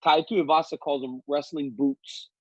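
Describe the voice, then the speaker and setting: Husky high-voiced man. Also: normal speed, no echo. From Louisiana. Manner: animated storyteller, laughs often. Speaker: guest analyst. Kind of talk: casual chat. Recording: dull, lo-fi remote feed.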